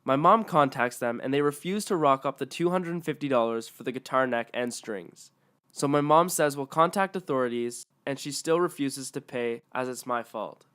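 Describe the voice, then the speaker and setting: A man's voice: medium pitch, normal speed, a bit bright, clean tone. A man narrating online stories aloud in a matter-of-fact way.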